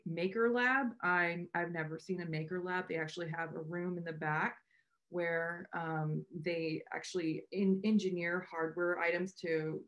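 A woman co-founder hosts a meetup over a video call, giving casual welcome remarks that ramble and restart often. Her voice is lowish with a fairly bright tone.

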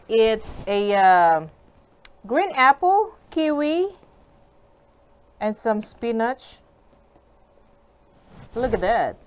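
Slow, cheerful woman eating on camera. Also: a little high. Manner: cheerful, giggly, addresses viewers as guys. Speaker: mukbang vlogger. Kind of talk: casual mukbang chat while eating. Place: home kitchen.

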